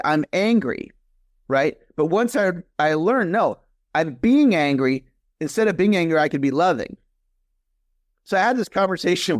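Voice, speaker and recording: An earnest man in his fifties speaks as a guest in a conversational interview, with a somewhat high voice. His sound is dry and close, with no room around it. He repeats his key points and grows animated when he retells a scene. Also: no room sound. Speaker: podcast guest, coach.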